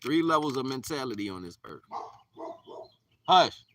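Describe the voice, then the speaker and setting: A man's voice: mid-range voice, normal speed, bright, forceful tone, recorded from a distance. A man giving a live-streamed spiritual talk in a repetitive, preachy way, often dropping to a near-whisper. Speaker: spiritual teacher.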